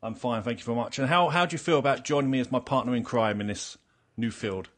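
A man's voice: medium pitch, fast, a bit bright. A man hosting a casual panel podcast, chatty and teasing, often restarting his sentences. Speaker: podcast host.

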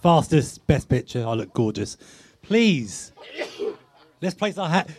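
A high-voiced man runs a lively tech meetup game. He talks in excited bursts, laughs easily, and fires off quick countdowns. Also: slightly rough, no echo. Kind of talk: lively game-show style hosting.

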